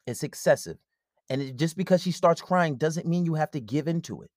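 A man's voice: on the high side, animated, a little fast, darkish tone, dry recording, studio quality. A man hosting a podcast, giving blunt, casual relationship advice and acting out bits of quoted dialogue. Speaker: podcast host.

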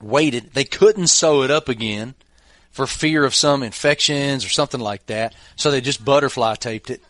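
A man's voice: mid-range voice, moderate pace, fairly bright tone, no echo. Middle-aged male podcast host, easygoing storyteller, dry close-mic sound. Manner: laid-back, chuckling anecdotes. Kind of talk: casual storytelling chat.

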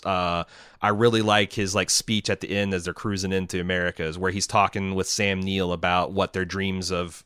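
Guy cohosting a movie chat, low smooth voice, rambly and excited. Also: no echo, clean studio sound. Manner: rambling, enthusiastic, many restarts. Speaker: podcast co-host. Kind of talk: casual film discussion.

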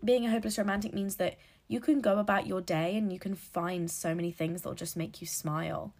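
A woman's voice: mid-range voice, steady tone, a little fast, a little mellow. A woman hosting a casual solo podcast, chatty and rambling, laughing at her own slips. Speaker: podcast host.

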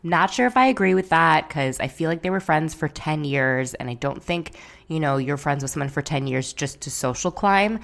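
A woman's voice: sits low, expressive, normal speed, creaky. A woman giving a casual, candid recap of a reality show episode, opinionated, with dry jokes and the odd swear word.

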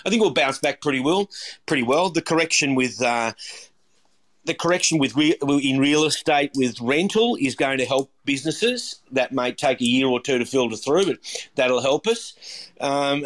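Middle-aged man, restaurateur, mid-pitched, upbeat, rambling, filler-heavy. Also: fairly bright tone. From Australia. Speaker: chef and restaurateur. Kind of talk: interview answers.

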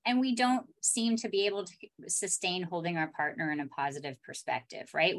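A woman talking as a relationship expert on a podcast, calm and explanatory, acting out bits of example dialogue. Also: medium pitch, brisk. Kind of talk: podcast conversation.

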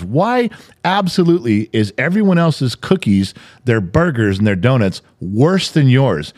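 A man's voice: medium pitch, very animated, normal speed, darkish tone. An older man co-hosting a podcast in casual chat, ranting and swearing freely. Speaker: podcast co-host.

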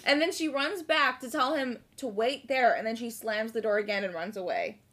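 A young woman co-hosting a casual rewatch podcast, retelling scenes in an animated way, swearing freely and acting out the characters. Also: a little high, moderate pace. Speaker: podcast co-host.

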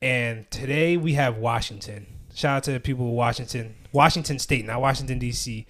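A man's voice: mid-range voice, fairly quick, fairly bright tone. Slangy young man on a podcast. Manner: casual slangy banter, laughs often. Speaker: podcast co-host. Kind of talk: casual podcast chat.

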